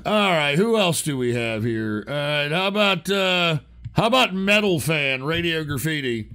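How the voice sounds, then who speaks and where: A man's voice: fairly high pitch, expressive, a little slow, bright, forceful tone, faint music behind. A man hosting a call-in radio show, ranting in a profane, combative way.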